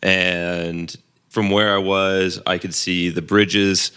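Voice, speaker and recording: A man's voice: sits low, little pitch movement, takes it slowly, pushed and bright, clean tone. A young man talking as a guest in an easygoing, wry way. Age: young adult. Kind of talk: casual chat.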